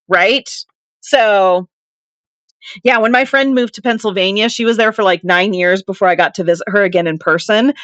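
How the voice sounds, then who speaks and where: A woman's voice: mid-range voice, a bit bright, no echo. A woman hosting a casual livestream. She talks in a chatty, rambling way, reads viewer comments aloud and laughs easily. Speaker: livestream seller host.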